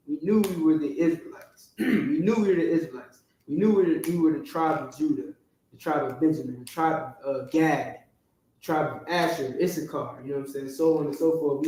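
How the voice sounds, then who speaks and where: Man teaching a class, fairly high voice, heard from far off, heavy room echo. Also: a little mellow. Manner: keeps checking in with the listeners. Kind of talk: classroom lecture. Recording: very echoey room, distant from the mic.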